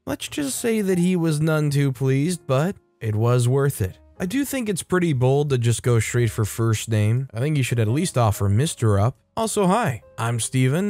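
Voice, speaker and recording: A man's voice: fairly high pitch, darkish tone. A man hosting a story channel, reading stories aloud in a playful, sarcastic manner. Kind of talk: scripted story narration.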